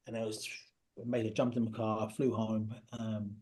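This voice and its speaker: A man, a podcast guest telling a personal story in an earnest, halting way that often drops to a quiet voice. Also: lowish voice, little pitch movement, a little hiss or hum. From Britain.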